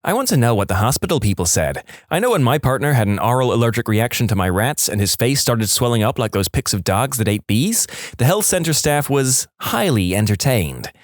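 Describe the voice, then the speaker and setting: A male narrator reads reader-submitted stories in a wry, scripted delivery. His pitch moves up and down a lot as he tells them. The recording is close and dry, with no room sound. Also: sing-song, brisk, dry recording. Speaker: story narrator.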